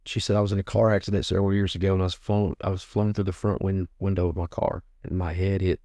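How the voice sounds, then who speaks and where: A man's voice: deep voice, little pitch movement, fast, dark tone, no echo, studio quality. A man in his forties, a guest minister, telling a testimony story and often repeating his words as he retells what he said. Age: 40s.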